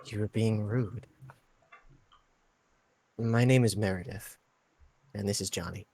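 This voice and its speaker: A man voicing a quiet, bookish teenage girl, speaking softly and matter-of-factly. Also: lowish voice, fairly even intonation, slow pace, creaky, exaggerated voice.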